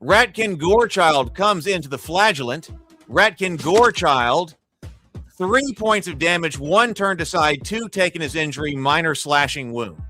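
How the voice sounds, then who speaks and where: A man's voice: a little high, measured pace, soft background music. A man running a live tabletop arena battle as game master, calling hits and damage play-by-play and cheering on the dice. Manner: excitable, cheers and pleads over dice results.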